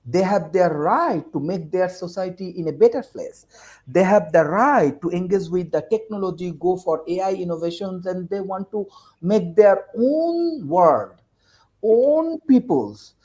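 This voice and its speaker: A woman's voice: on the low side, animated, measured pace, warm tone, rough recording. A woman from Bangladesh, a university teacher speaking, gives an emotional, urgent panel speech full of repeated phrases and rhetorical questions. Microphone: video call.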